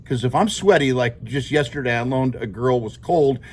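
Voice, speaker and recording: A man's voice: medium pitch, moderate pace, darkish tone, slight background noise. A middle-aged man, a teacher, giving his class a rambling, informal talk, often chuckling and checking in with "okay?".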